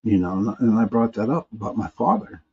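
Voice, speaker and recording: A man's voice: on the low side, expressive, fairly quick, darkish tone, slightly rough, lo-fi sound. A man hosting a live paranormal talk stream, reading viewer comments in a rambling way, often restarting and repeating words.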